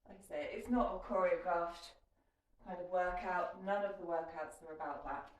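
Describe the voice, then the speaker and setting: A woman's voice: on the low side, moderate pace. A woman leading a kettlebell workout as fitness instructor, giving chatty, encouraging cues. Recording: echoey room, mic at a distance.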